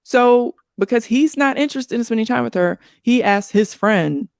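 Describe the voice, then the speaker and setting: A woman's voice with a gravelly texture, recorded dry and close, from a casual podcast chat. She explains events step by step and quotes back what others said. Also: on the high side, moderate pace, no room sound. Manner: explanatory, retells conversations. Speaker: podcast guest.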